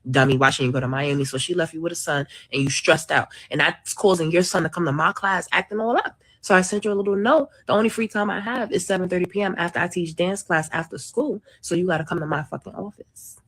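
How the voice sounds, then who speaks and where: A woman's voice: fairly low pitch, fast talker, hardly any pauses, fairly bright tone. Brash, profane woman telling a story. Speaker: social media content creator. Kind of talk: storytime monologue.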